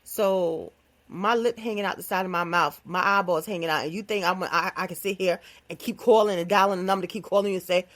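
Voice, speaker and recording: A woman hosting her own podcast, talking in a playful, animated, casual comedic monologue with phrasing. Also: fairly low pitch, brisk. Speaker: podcast host.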